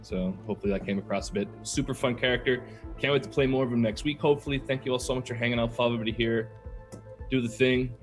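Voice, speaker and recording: A man, a player on the show, giving an upbeat, quick sign-off. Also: mid-range voice, steady tone, faint music behind. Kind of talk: casual sign-off.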